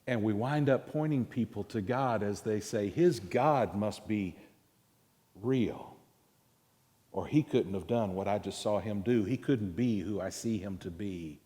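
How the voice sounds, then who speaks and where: A man, preaching a sermon as pastor, with slow, emphatic delivery, stressing single words and pausing between phrases. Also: on the low side, warm tone. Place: church sanctuary. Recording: long reverb of a large hall.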